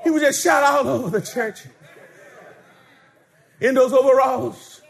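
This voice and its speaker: A male pastor preaching a sermon, shouting and drawing his words out, breaking into laughter. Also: very high-pitched, measured pace, gravelly.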